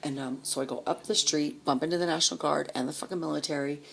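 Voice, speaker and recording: A woman's voice: deep voice, fast, creaky. A woman telling a long personal story in a casual, profane way, acting out what people said and sometimes dropping to a whisper. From Denver area, US. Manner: profane, animated, acts out quoted voices, drops to whispers. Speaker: vlogger.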